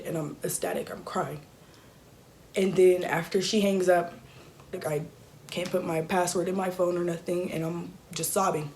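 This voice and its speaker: A young woman telling an emotional personal story in a halting, soft-spoken way with many fillers. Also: fairly low pitch, fairly even intonation, slight background noise. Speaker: YouTuber.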